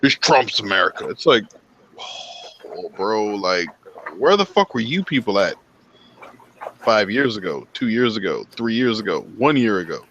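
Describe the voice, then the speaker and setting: A man ranting in a relaxed group conversation. He swears freely and keeps saying dude. His pitch leaps high whenever something annoys him, then drops back to a lower, easy tone. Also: normal speed, lo-fi sound, slight background noise. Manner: animated, heavy swearing, says dude a lot. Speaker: podcast host. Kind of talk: casual group chat.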